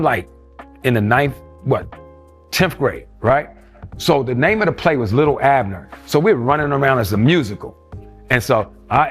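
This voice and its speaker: Older man, animated storyteller. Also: medium pitch. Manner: animated storyteller who acts out quoted voices. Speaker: interview guest. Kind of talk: storytelling interview.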